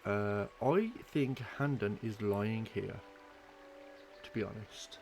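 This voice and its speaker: A man's voice: fairly low pitch, takes it slowly, vocal fry, over music. A young adult man streaming a video game live, thinking aloud casually and hesitantly.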